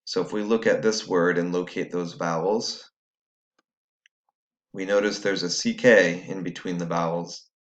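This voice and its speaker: A man's voice: deep voice, fairly even intonation, measured pace. A man teaching a recorded phonics lesson, patiently explaining step by step to students at home.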